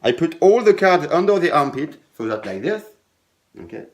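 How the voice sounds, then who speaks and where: Animated man explaining a card trick. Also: a little high, moderate pace. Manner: demonstrates step by step, acts out patter to spectators. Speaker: magician teaching a card trick. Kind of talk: casual tutorial explanation. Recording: echoey room.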